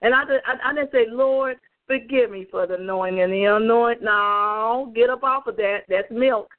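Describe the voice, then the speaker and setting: Her voice a little high and her pace normal, a woman evangelist gives emphatic, fervent testimony on a prayer call. She speaks directly to listeners by phone, and the line sounds tinny.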